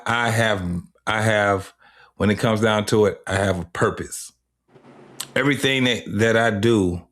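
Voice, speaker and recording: Middle-aged guy hosting, low voice, cussing and blunt. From Detroit, USA. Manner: profane, emphatic, blunt. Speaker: host. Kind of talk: casual podcast chat.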